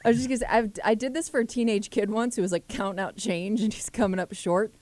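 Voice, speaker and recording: A woman's voice: mid-range voice, steady tone, fast, a little mellow, no room sound. A woman co-hosting a radio show, talking things through in a casual, thoughtful way. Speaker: radio co-host. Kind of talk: morning radio banter.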